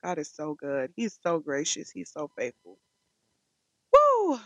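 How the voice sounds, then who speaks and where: A woman's voice: low-pitched, normal speed, dry recording, poor audio. A woman hosting a devotional podcast, speaking in a fervent, repetitive prayer cadence. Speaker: podcast host.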